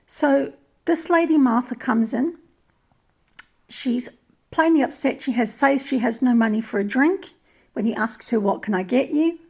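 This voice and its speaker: A woman's voice: high voice, unhurried, creaky, pauses often, darkish tone, slightly rough. A woman from New Zealand or Australia, with that region's accent, giving opinion commentary in a thoughtful way, often restarting and repeating words.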